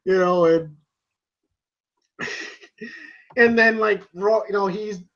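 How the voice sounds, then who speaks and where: Bright-voiced, laughing movie reviewer. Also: mid-range voice, extremely slow, lo-fi sound. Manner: rambling, laughs often, many fillers. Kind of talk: casual movie review retelling a scene.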